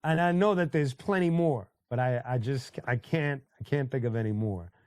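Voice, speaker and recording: A man's voice: mid-range voice, normal speed, darkish tone, clear, resonant tone, dry recording, clean studio sound. Laid-back man hosting a music stream. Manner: laid-back, loose, full of fillers and restarts, greets chatters by name. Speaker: livestream host reading chat. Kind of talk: casual chat.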